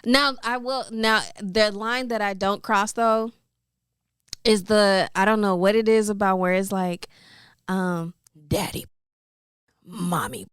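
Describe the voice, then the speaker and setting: A woman's voice: medium pitch, steady tone, slow pace, long pauses, clear, resonant tone, no room sound, studio quality. A woman guesting on a podcast, chatting candidly in loose, trailing phrases with giggles. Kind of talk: casual chat.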